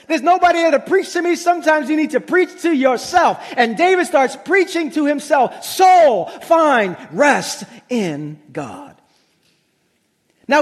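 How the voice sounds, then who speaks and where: A man preaching a sermon as pastor, emphatic, slowing and dropping low when he reads scripture. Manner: emphatic, slows down and drops low for scripture lines. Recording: long reverb of a large hall.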